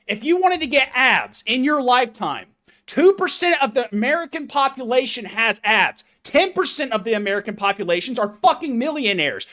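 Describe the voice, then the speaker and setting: A man's voice: very high voice, fairly bright tone. A fitness coach delivering a blunt, profane, confrontational motivational rant straight to his viewers.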